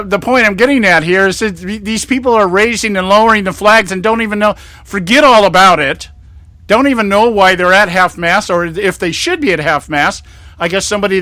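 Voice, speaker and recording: A man tells his stories with a high pitch and laughs often at his own jokes. His voice sounds close and dry, with no room around it. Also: dry recording. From California. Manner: animated storytelling, acts out quoted exchanges. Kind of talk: casual political chat.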